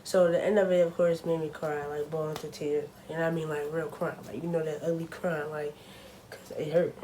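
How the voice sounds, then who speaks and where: A woman's voice: low-pitched, level tone, normal speed, dark tone, slight background noise, low-quality recording. A young woman talking casually to her camera at home, chatty and full of fillers, openly nervous. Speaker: vlogger.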